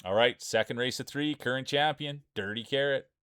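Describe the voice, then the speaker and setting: A man's voice: mid-range voice, moderate pace, fairly bright tone, clean tone, dry recording. A man streaming live, commentating marble races in a chatty way and greeting viewers by name. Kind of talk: play-by-play commentary.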